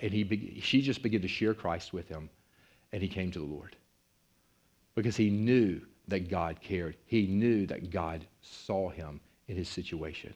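A low-voiced man preaching, his delivery animated and climbing sharply when the story builds. He tells the story from the pulpit and speaks straight to the congregation. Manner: animated, with big swings in pitch and loudness. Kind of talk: sermon storytelling.

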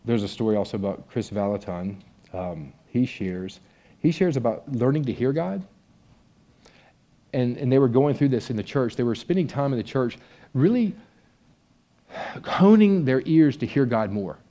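A man's voice: mid-range voice, lively intonation, normal speed, long pauses, warm tone. A man preaching a conversational sermon and reading a story aloud from a book with expression. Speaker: pastor.

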